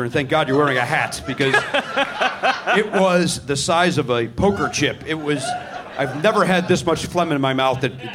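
A man hosting a live comedy podcast on a theater stage, riffing sarcastically and mocking himself. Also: fairly high pitch. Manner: sarcastic, self-deprecating riffing with crowd. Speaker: podcast host.

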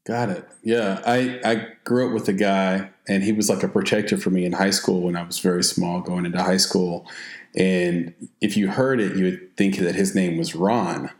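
A man hosting a casual interview, chatty and quick to laugh. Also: sits low, steady tone. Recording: roomy echo.

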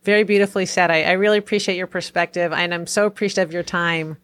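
A woman's voice: lowish voice, fairly even intonation, fast talker, fairly bright tone. A woman doctor who hosts a podcast, speaking effusively and gratefully, with stammered repeats. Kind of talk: interview and podcast outro.

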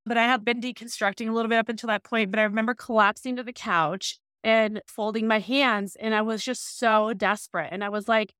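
A woman's voice: a little high, steady tone, a little fast, few pauses, fairly bright tone, smooth, no room sound, clean studio sound. A woman speaking as a podcast guest, telling her own story in a candid, casual way with many "like" fillers. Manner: open, casual, lots of "like" fillers.

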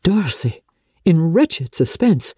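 A woman gives a measured, expressive dramatic reading of a classic novel as narrator. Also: low-pitched, breathy edge, no room sound, studio quality.

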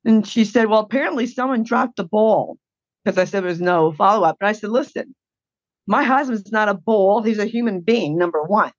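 A woman's voice: mid-range voice, animated, fairly quick, no echo, highs cut off. A woman guest telling her caregiving story in a blunt, indignant way. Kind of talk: emotional personal account.

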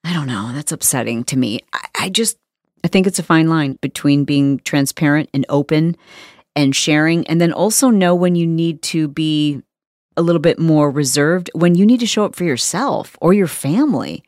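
Woman doing her podcast, low voice, frank and emphatic, dry close sound. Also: expressive, normal speed, darkish tone, no echo. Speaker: podcast host. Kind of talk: candid podcast monologue.

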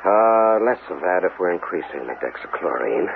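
A sinister scheming host in a radio play. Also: male voice, low voice, normal speed, heavy background noise. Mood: cool scheming. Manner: calm, controlled, slightly impatient. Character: sinister scheming male host brewing a formula. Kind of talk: 1970s radio drama acting. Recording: narrow-band old radio broadcast.

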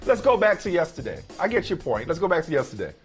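A man's voice: on the high side, very animated, quick pace, husky, faint music behind. A man hosting a sports talk show, arguing his points emphatically and often repeating himself. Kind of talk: sports debate.

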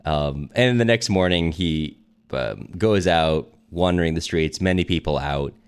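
A man's voice: low-pitched, animated, unhurried, clear, resonant tone. A man co-hosting a podcast, casually summarizing a novel with fillers and frequent laughter. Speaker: podcast co-host. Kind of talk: casual book discussion.

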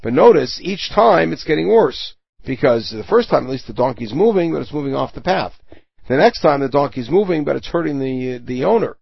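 Guy teaching torah, gravelly husky voice, reads hebrew verse then explains it, dull lo-fi recording. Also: medium pitch, lively intonation, a little fast, dry recording. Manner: translates Hebrew verses line by line, explaining with everyday examples.

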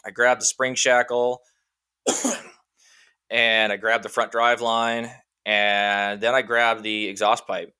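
With long pauses and a smooth, lowish voice, a guest from Washington state slowly works through a rambling personal tale. The conversation is casual and animated, thick with fillers like "you know" and "like."

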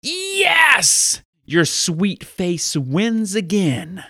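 A male pastor who hosts a Bible podcast, telling stories and teaching preteens in an upbeat, animated way. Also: fairly high pitch, measured pace, a little hiss or hum.

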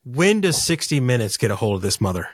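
A man's voice: mid-range voice, big pitch swings, fast talker, husky, no room sound. A man co-hosting a podcast, talking in a loose, rambling way, swearing freely. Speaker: podcast co-host. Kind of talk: casual podcast discussion.

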